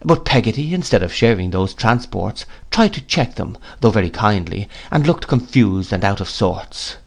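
A man narrating an audiobook of a classic novel in a measured, expressive storytelling manner. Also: lowish voice, gravelly. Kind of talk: audiobook reading.

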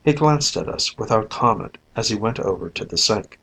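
Man, audiobook narration, measured, low voice, husky. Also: lively intonation, a bit bright, rough recording. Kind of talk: scripted narration.

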